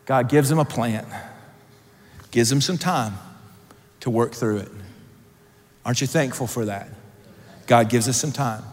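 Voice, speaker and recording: A male pastor preaching a sermon, swinging between loud emphatic lines and hushed, low ones. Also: measured pace, long pauses. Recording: long hall reverb.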